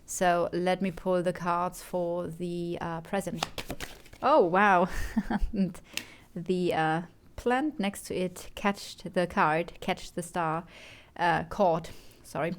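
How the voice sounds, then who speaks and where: A woman gives a tarot reading in a slightly lower voice. She chats and corrects herself as she goes, then murmurs her questions over and over while pulling cards. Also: steady tone, slow, a little hiss or hum. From Germany. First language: German. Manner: chatty, self-correcting, softly repeats questions while drawing cards. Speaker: tarot reader.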